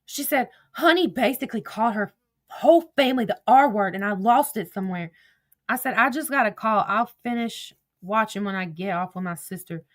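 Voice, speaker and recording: In a mid-range, brisk voice, a vlogger casually relays a text conversation from some online drama, voicing each message as "I said, she said." She comes across blunt and exasperated, cursing freely.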